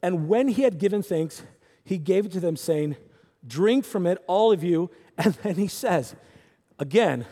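A man preaching a sermon in a casual, animated way, with slangy asides to the congregation. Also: high-pitched, measured pace. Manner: casual, animated, says dude and bro. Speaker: pastor. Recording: long hall reverb.

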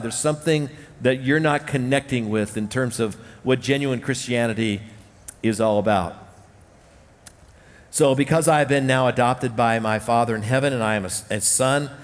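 A male pastor delivers a sermon in an earnest, searching way, circling back to repeat his key lines. His voice sits at an ordinary middle pitch. A long hall reverb trails after each phrase.

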